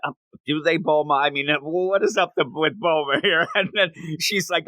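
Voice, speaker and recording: A man co-hosting a podcast in casual chat, animated and giggly, acting out lines as he retells scenes. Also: on the high side, brisk, hardly any pauses, no room sound. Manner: animated, giggly, acts out quotes. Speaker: podcast co-host.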